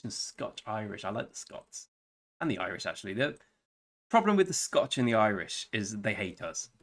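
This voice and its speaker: A lowish, sing-song voice at moderate pace belongs to an Englishman streaming a strategy game live. He chats in a rambling, wry manner and answers viewers by name.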